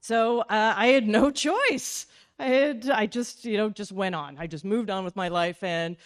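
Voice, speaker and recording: A woman's voice: medium pitch, unhurried. A woman from Calgary, Canada, telling a self-deprecating comic story on stage to a live audience and acting out the dialogue.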